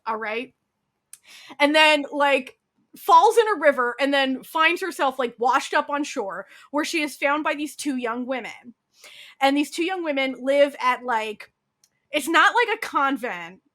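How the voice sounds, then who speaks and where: A woman co-hosting a podcast, telling a drama's plot in casual chat, acting out the characters' lines and swearing. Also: high-pitched. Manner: animated storyteller acting out quotes, swears, many "like"s. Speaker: podcast co-host.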